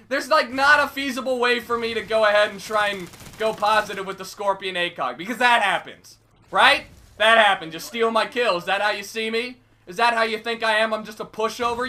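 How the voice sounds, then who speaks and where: A young man giving gameplay commentary, excitable, swinging between mumbled asides and yelling rants. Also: high-pitched, brisk. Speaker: gaming commentator. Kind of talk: gameplay commentary and casual chat.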